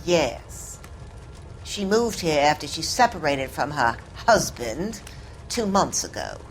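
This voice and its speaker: A woman's voice: low-pitched, sing-song, takes it slowly, a little hiss or hum, heavily acted, low-quality recording. An actress voicing a defensive, evasive landlady with a Southern US accent in a video game. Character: southern landlady, defensive, guarding her reputation.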